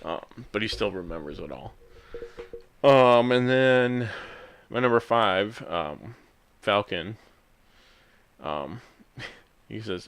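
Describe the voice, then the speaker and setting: A man's voice: lowish voice, lively intonation, slow, pauses often, clear, resonant tone, no room sound. A man co-hosting a podcast, chatting casually about a film and reading out favorite lines, with plenty of fillers and laughs. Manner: chatty, reads out quotes, frequent fillers and laughs. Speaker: podcast co-host. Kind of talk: casual movie review chat.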